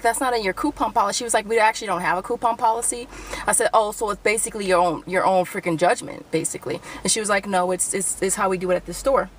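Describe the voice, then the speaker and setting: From the driver's seat of a parked car, a woman vents an angry, profane couponing tale to camera, playing herself and her opponent alike. Her mid-range voice has a slightly bright edge, and the low-quality recording has some hiss or hum.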